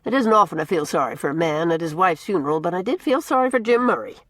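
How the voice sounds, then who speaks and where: A woman voicing a brisk, outspoken older village woman with blunt, gossipy opinions. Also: lowish voice, animated, no room sound.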